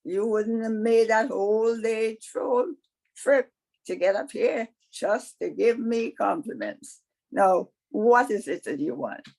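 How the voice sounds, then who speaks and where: A woman's voice: on the high side, takes it slowly, creaky, darkish tone, exaggerated voice, poor audio. Woman playing a folksy, firm Lord. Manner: folksy, matter-of-fact. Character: easygoing, firm male Lord figure.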